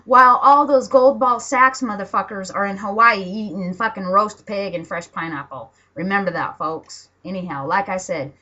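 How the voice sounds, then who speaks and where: A woman's voice: medium pitch, normal speed, hardly any pauses, bright, forceful tone, dull audio. A woman ranting bluntly and profanely to her viewers in a home vlog, laughing between lines. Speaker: vlogger.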